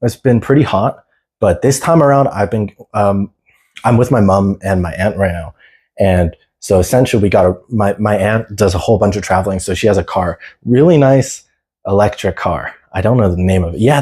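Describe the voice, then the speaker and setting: Laid-back husky man livestreaming. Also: fairly low pitch, a little fast, darkish tone. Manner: laid-back, slangy, answers chat. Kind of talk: casual livestream chat. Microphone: phone camera.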